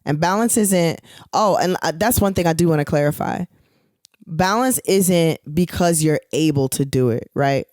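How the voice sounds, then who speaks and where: A woman's voice: low-pitched, moderate pace, darkish tone, dry recording, studio quality. A young adult woman co-hosting a podcast, chatting casually and rambling with many fillers. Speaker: podcast co-host, touring singer. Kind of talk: casual chat.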